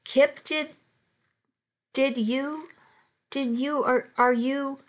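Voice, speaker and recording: A woman's voice: sits high, steady tone, voice pushed up. A woman reading as a stern, stammering father. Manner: halting, stammering.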